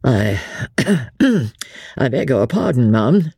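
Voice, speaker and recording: A woman voicing a grave, honorable male army officer who speaks haughtily and haltingly. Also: low voice, very animated, warm tone, no echo, clean studio sound. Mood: stern.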